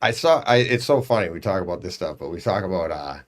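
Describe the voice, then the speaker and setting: Animated man retelling moments. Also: deep voice, quick pace. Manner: animated storyteller, acts out lines. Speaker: co-host. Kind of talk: casual chat.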